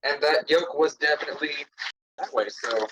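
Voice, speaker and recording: A man's voice: on the high side, moderate pace, vocal fry, recorded from a distance, a little hiss or hum, rough recording. A man explaining each step as he cooks on a live stream. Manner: explanatory, relaxed instructions. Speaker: streamer cooking on camera. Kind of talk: cooking demonstration.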